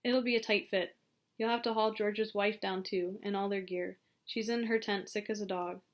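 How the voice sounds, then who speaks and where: A woman voices a calm male mountain guide in a spoken storybook. He talks firmly and plainly at a middle pitch, keeping things level. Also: moderate pace, lightly acted. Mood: matter-of-fact.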